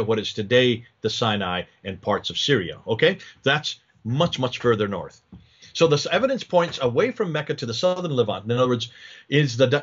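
A man's voice: medium pitch, fairly bright tone, breathy edge, highs cut off. A man giving a slide lecture, explaining in detail, asking rhetorical questions and restarting his sentences often.

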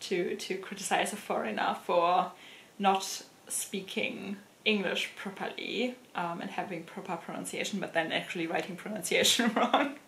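A cheerful woman with a German accent chats to camera as a luxury fashion vlogger and laughs easily. English is not her first language. Her voice sits at a middle pitch and carries a roomy echo from the room. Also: steady tone, moderate pace, gravelly, a bit bright, slight background noise. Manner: laughs and giggles often. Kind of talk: casual chat to camera.

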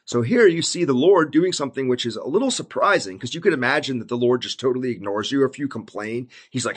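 A man's voice: mid-range voice, expressive, a bit bright, husky. A man talking through a book of the Bible in a casual, laid-back way, full of "like" and "basically". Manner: slows down when reading old scripture aloud. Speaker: Bible commentator. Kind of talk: casual Bible study talk.

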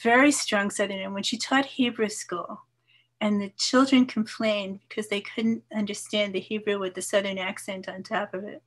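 A woman in her seventies, a poet, reading her poems in a measured, expressive way and chatting casually between them. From New York, USA. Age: 70s. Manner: measured, expressive reading, soft voice dropping low on some lines. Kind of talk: poetry reading with casual asides.

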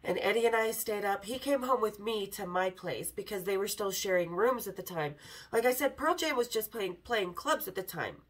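A woman hosting a podcast, candidly telling a story with swearing and animated quoted lines. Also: mid-range voice, moderate pace, poor audio. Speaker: podcast host. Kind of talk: casual storytelling.

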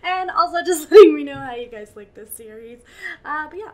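With a high, brisk voice and lively intonation, a young woman comments on the game she's playing. She runs a gaming channel, and her let's-play talk is emotional, full of laughter, and aimed partly at her characters.

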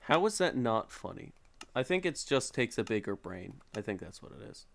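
A man's voice: medium pitch, very animated, moderate pace, gravelly. A young man live-streaming a video game, chatting and joking casually with viewers, yelping and pleading when he is in trouble. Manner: jokey, playful, yelps and pleads when in danger. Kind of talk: casual live-stream chat while gaming.

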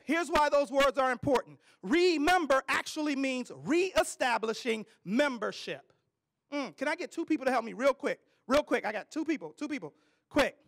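A man with a strikingly high voice preaches to a live audience. He leads call-and-response chants and builds his lines up to loud, emphatic declarations. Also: vocal fry. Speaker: preacher and ministry leader. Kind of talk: sermon.

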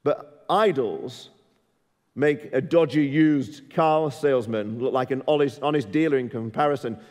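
A man preaching a sermon in a church, emphatic, asking the congregation direct questions and building to forceful peaks. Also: medium pitch, a little slow, big-room sound.

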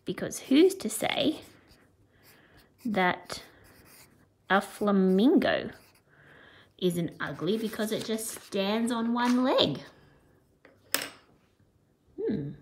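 A woman's voice: mid-range voice, very animated, drawn-out words, pauses often, darkish tone. A teacher reading a picture book aloud and thinking through questions about it as she goes. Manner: musing, thinking aloud with hmm.

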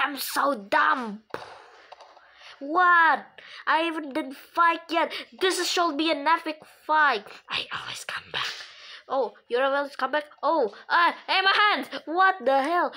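A woman giving casual, playful commentary over a video game, excitable and making her own sound effects. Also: high-pitched. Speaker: gameplay commentator.

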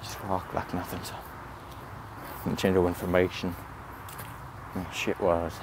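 A young man with a low, heavy voice vlogs on a handheld camera out on a city street, playing a comic redneck persona. He shifts from hushed, sneaking mutters to sudden excited outbursts. Traffic and street noise sit clearly behind him. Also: measured pace. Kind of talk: handheld comedy vlog commentary. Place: outdoors in a city. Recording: noisy outdoor street recording.

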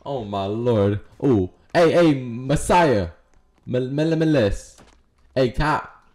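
A man's voice: medium pitch, lively intonation, slow pace, darkish tone. A man giving crude, joking commentary while playing a game online, trash-talking other players. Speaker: gaming streamer. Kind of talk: casual gameplay commentary.

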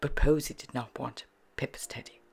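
A woman reading a children's bedtime story aloud in a soft, half-whispered, sing-song manner. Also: a bass voice, fairly even intonation, normal speed, creaky, breathy edge, faint music behind.

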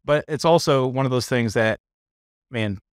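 Brief: male co-host, relaxed, dry close mic. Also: mid-range voice, normal speed, smooth, no room sound. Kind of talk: casual podcast chat.

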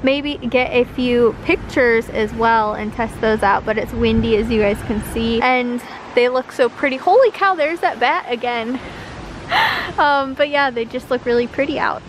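A woman's voice: fairly high pitch, moderate pace, a little hiss or hum, poor audio. A young woman chatting casually to the camera in a daily vlog, rambling on, speaking into a handheld camera mic outdoors and then in a car. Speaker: vlogger.

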